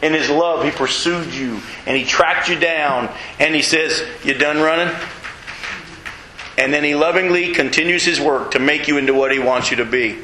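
Animated preacher with a bright, echoey voice. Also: male voice, fairly high pitch, moderate pace, hardly any pauses, a little hiss or hum. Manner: animated preaching, asks the congregation questions. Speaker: pastor. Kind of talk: sermon. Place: church.

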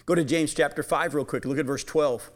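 Brisk and fairly even in intonation, this man's high-leaning voice carries a sermon in which he reads Bible passages and puts emphatic questions to the people listening.

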